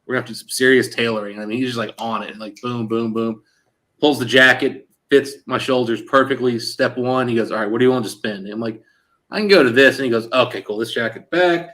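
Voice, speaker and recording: A man hosting a casual chat show, telling an anecdote and quoting others in lively back-and-forth with lots of "like" and "he goes". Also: medium pitch, quick pace. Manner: animated storyteller quoting others in dialogue; frequent fillers like "like" and "he goes". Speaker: show host.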